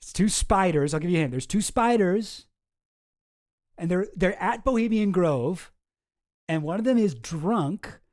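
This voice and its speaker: A man's voice: high-pitched, animated, unhurried, a little mellow. A man hosting a casual commentary video, rambling and sarcastic, chuckling at his own jokes. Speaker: host.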